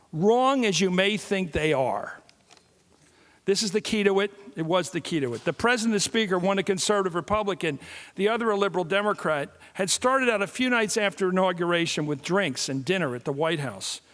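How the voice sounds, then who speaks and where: A man in his sixties giving a public lecture, telling stories and jokes in an animated way. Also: high-pitched. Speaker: guest speaker. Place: large hall. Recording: long reverb of a large hall.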